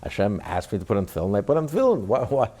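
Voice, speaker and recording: Teaching a rabbinic Torah class, a man poses questions and answers them himself, voicing God's words in the first person with mounting emphasis. His lowish, warm voice swings widely in pitch and moves very fast.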